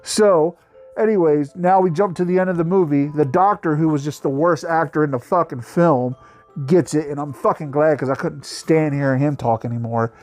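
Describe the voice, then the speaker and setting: A man's voice: on the high side, normal speed, darkish tone. A man hosting his own channel, giving a casual, profane, mocking review of a bad movie. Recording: faint music behind the voice.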